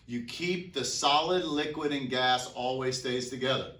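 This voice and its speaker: A male high school chemistry teacher with a mid-range voice and sharp tone talks at normal speed during a lecture. He asks his students things and responds to his own questions, and the sound comes from a distance in an echoey classroom.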